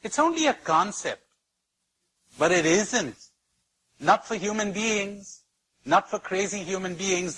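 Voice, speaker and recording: Slightly high, husky male spiritual teacher; slow, emphatic delivery with anecdotes and repeated phrases. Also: fairly bright tone, low-quality recording. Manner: slow and emphatic, with repetition and wide pitch swings; storytelling with anecdotes. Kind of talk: spiritual talk to an audience.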